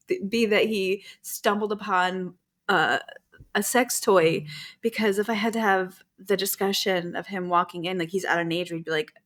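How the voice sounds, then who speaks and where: A woman in her thirties co-hosting a casual podcast, animated and quick to laugh, acting out quotes as she reads stories. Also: medium pitch. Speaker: podcast co-host, labor nurse. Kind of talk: casual chat, reading stories aloud.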